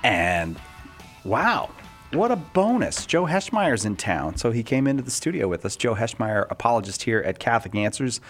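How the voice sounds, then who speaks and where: A man's voice: mid-range voice, moderate pace, faint music behind. A man hosting a live call-in radio show in a studio, talking in a jokey way and reading out the call-in number. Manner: jokey, animated, reads out phone number.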